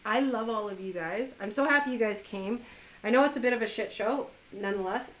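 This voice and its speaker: A woman's voice: on the high side, brisk, fairly bright tone, poor audio. A woman hosting a live stream, chatting casually in a playful, teasing way with her viewers.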